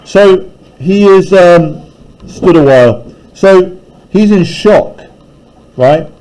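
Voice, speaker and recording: A man's voice: high voice, takes it slowly, darkish tone, low-quality recording. A male teacher reading a novel aloud in a classroom and breaking off to explain it in casual terms. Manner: reads aloud, then paraphrases casually.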